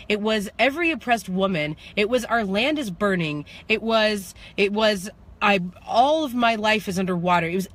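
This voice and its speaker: In this vlog clip, a woman who coaches spiritual manifestation shares something from her own life in a mid-range voice. Her delivery swings from unhurried reflection to rapid, thrilled outbursts that turn into shouting, with plenty of laughter and animation throughout.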